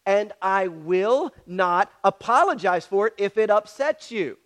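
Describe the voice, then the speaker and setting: A man's voice: sits high, animated, unhurried, a bit bright. A pastor preaching a sermon, speaking directly and challenging his congregation with repeated questions.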